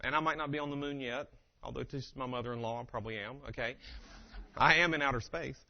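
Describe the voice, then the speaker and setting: A man giving a humorous motivational keynote, telling family stories in an animated way and acting out the dialogue. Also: mid-range voice, quick pace. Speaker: keynote speaker. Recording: dull lo-fi live recording.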